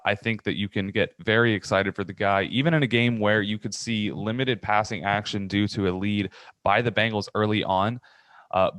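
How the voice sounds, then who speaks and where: He is a man with a lowish voice talking fantasy football picks in casual chat. He is steady and matter-of-fact, and he backs up each point with statistics. The recording is dry and close. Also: dry recording. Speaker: fantasy football podcast co-host. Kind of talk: casual sports analysis chat.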